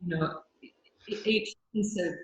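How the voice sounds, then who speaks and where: A woman's voice: lowish voice, moderate pace, echoey room, rough recording. A woman speaking earnestly on a panel over a video call, hesitant and full of fillers. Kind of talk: casual panel discussion.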